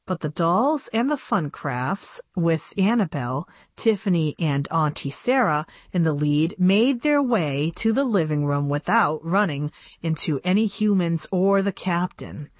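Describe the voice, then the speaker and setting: A woman narrating a children's storybook in an expressive reading voice. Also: lowish voice, a little slow, no room sound. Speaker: audiobook narrator.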